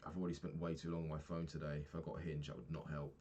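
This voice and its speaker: A man's voice: a bass voice, flat delivery, quick pace, warm tone, highs cut off, slight background noise. A young man in his twenties talking frankly in a rambling daily vlog, swearing casually and filling gaps with ums. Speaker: vlogger.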